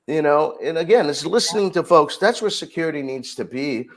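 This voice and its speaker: A man's voice: fairly high pitch, brisk. Middle-aged man telling stories animatedly. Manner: animated storyteller, acts out dialogue. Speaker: podcast guest, security director. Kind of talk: conversational storytelling.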